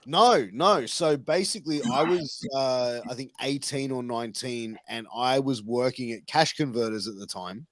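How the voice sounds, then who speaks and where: A man's voice: mid-range voice, normal speed, few pauses, no room sound. A man, hosting a podcast and telling a long, sweary, rambling story. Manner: swearing, rambling anecdotes with acted quotes. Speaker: podcast host. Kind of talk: casual storytelling.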